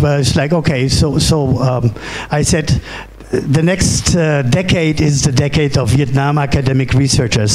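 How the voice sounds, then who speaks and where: A middle-aged man from Germany with a German accent gives a conference keynote, halting with fillers and restarts and often asking "right?". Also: mid-range voice, a little mellow. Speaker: keynote speaker. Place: conference hall.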